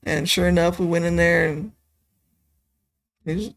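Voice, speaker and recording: A woman guest on a podcast, talking casually and rambling with lots of "you know" and "like", going soft and subdued over hard memories. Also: on the low side, flat delivery, measured pace, no echo. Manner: soft, subdued when telling sad parts. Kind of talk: casual conversation.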